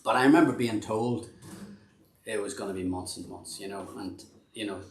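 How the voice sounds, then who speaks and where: A man who hosts a casual live-stream chat and plays in a band rambles along self-deprecatingly, restarting often. His voice is fairly low and at a normal speed, recorded in an echoey room.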